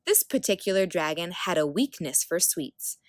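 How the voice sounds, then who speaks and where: A woman reading a children's picture book aloud as a storyteller, expressive and unhurried. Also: lowish voice, no echo, clean studio sound.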